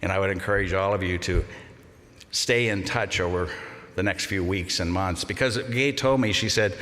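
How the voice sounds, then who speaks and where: An older man giving a memorial eulogy, telling fond anecdotes with gentle humor. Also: deep voice, normal speed. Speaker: eulogy speaker. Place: large congregation hall. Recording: long reverb of a large hall.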